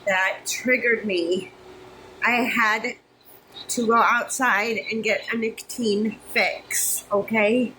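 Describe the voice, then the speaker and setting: An exasperated woman vlogger in her fifties, overheated and flustered, swears freely as she vents to her phone camera up close. Her voice is a little high, steady and sharp, at a slow pace, with poor audio showing slight hiss or hum.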